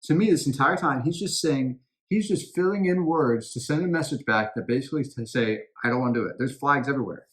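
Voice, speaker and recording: A woman's voice: very deep voice, fairly quick, few pauses. A woman co-host of a podcast, chiming in with blunt, incredulous reactions in casual chat. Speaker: true crime podcast co-host.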